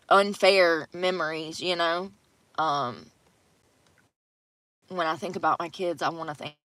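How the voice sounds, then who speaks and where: A woman's voice: fairly low pitch, no echo, low-quality recording. A woman, chatting casually and rambling to her live-stream viewers. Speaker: livestream host. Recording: steady car road noise.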